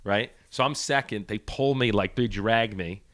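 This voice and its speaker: A man's voice: lowish voice, normal speed, no room sound. A man co-hosting a podcast, telling a story in casual chat and acting out the people in it, on a studio mic. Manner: animated, acts out the people in his stories. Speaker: podcast co-host.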